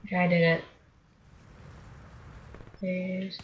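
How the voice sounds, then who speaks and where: A young woman giving live commentary over her own shooter gameplay, muttering in frustration and breaking into excited outbursts. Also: mid-range voice, a little slow, long pauses, a little hiss or hum. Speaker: gaming commentator. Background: gunfire from the game.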